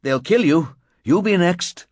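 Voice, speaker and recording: A man's voice: sits high, expressive, measured pace, no echo, voice pushed up. A man voicing a grief-stricken, violent young man who speaks bluntly and threateningly, in an audiobook reading. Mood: warning.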